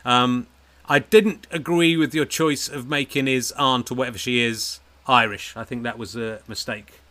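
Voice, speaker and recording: A man's voice: medium pitch, steady tone, normal speed, bright, forceful tone. An English man hosting a comedy podcast, rambling and self-mocking and laughing often as he chats with a guest. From England. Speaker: podcast host. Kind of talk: casual comedic interview chat.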